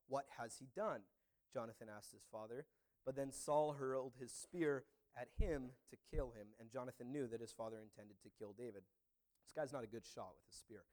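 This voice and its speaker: A man's voice: mid-range voice, fairly quick, darkish tone. A man preaching a sermon as a pastor, talking in a conversational way with many "you know"s and "uh"s.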